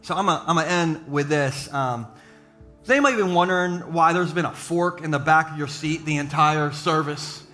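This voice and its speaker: A man preaching a sermon to a live church audience, mixing jokes and quick asides with his encouragement. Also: on the high side, sharp tone, faint music behind. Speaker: pastor.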